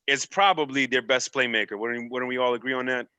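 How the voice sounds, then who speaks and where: A man with a New York accent hosts the show, bright and forceful in tone as he teases his co-hosts and hypes the next segment. His voice sounds dry and close. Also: mid-range voice, fairly even intonation, fairly quick, clean tone, dry recording. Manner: playful, hyping up segments. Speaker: podcast host. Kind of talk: casual sports chat.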